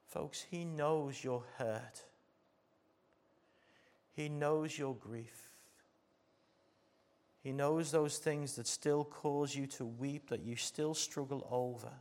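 A man with an English accent preaching a sermon as pastor, moving between loud emphatic passages and soft intimate ones, often asking the congregation rhetorical questions. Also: mid-range voice, steady tone, slow, long pauses.

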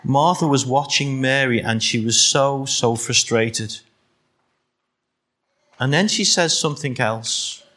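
A man's voice: medium pitch, slow, pushed and bright. A middle-aged man with a Liverpool accent preaching a sermon, firing rhetorical questions at the congregation and adding teasing asides. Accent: Liverpool (Scouse). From Liverpool, England.

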